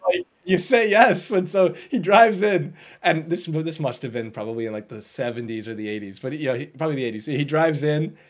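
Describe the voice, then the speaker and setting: Man, higher-pitched voice, animated storyteller, laughs often, interview guest. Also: brisk, few pauses. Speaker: guest coach.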